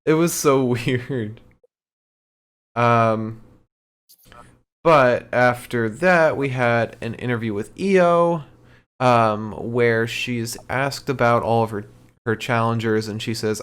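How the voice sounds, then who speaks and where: Guy cohosting a podcast, smooth clear voice, chill recap with ums. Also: mid-range voice, slow, long pauses. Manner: relaxed, recaps with filler ums and laughs. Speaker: podcast co-host. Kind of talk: casual recap chat.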